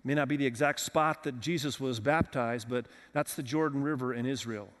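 A man's voice: medium pitch, moderate pace, in a large hall. A man preaching a sermon as pastor, talking conversationally and putting questions to the congregation. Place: church with several campuses.

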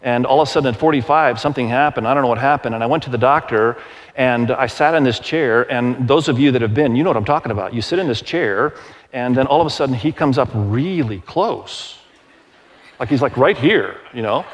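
A man in his forties preaching a sermon to his congregation, telling stories in a conversational, animated way and asking the crowd questions. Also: mid-range voice, a little fast. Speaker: pastor. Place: large church auditorium. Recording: long hall reverb.

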